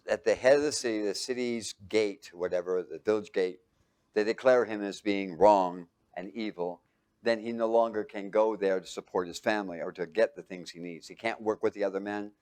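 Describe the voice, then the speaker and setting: A man teaching a bible lesson to a live group, quizzing them with fill-in-the-blank questions and swinging between loud and hushed. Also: mid-range voice. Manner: asks the audience fill-in questions. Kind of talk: sermon.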